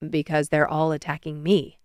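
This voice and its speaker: A woman's voice: low voice, monotone, moderate pace, a little mellow, dry recording, studio quality, voice pushed down, lightly acted. A woman narrator voicing a grumpy, exasperated adult man in an audiobook.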